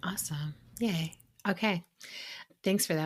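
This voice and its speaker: A woman co-hosting a podcast, telling personal stories in a chatty way with many "like"s and quick laughs. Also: deep voice, steady tone, a bit bright. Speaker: podcast co-host. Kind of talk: casual chat.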